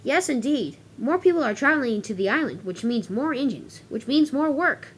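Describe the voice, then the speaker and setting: Bossy, proper lady diesel engine, a woman putting her on; high and swooping, scolds when crossed. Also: expressive, normal speed, slightly rough. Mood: firm. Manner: firm, scolding, a bit stiff.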